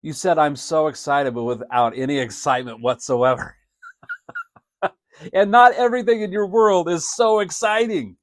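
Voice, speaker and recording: A man's voice: fairly high pitch, normal speed, dry recording, clean studio sound. A man hosting a live podcast, talking casually, laughing often and acting out mock announcements. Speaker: podcast host. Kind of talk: casual live-stream talk.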